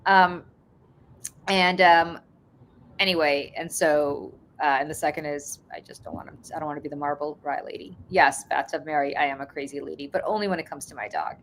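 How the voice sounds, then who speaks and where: A woman hosting a morning show over a video call, telling a story in lively casual chat and swearing freely. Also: deep voice, fairly quick, slight background noise. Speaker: host.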